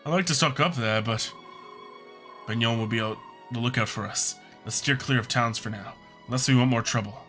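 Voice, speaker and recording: A man voicing a loyal young male companion in a game, speaking low, steady and matter-of-fact. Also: moderate pace, faint music behind, natural voice. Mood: calm. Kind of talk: voicing game dialogue on a let's-play.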